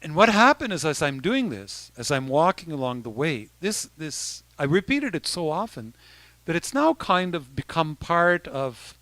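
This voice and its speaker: A man's voice: fairly high pitch, very animated, a little slow, fairly bright tone, no echo. A man, a bishop, giving an informal talk to young people, conversational with frequent restarts. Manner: conversational, with many restarts and asides.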